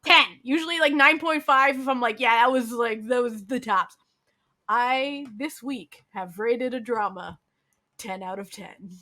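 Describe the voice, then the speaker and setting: A woman's voice: fairly high pitch, a little slow. A woman co-hosting a podcast, telling a drama's plot in casual chat, acting out the characters' lines and swearing. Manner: animated storyteller acting out quotes, swears, many "like"s. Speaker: podcast co-host.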